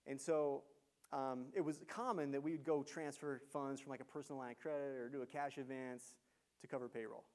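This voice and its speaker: A man giving a university lecture, telling business stories in an animated way and quizzing the audience. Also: mid-range voice, fairly quick. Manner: animated storyteller, engages audience with questions. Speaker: guest lecturer, entrepreneur. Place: lecture hall.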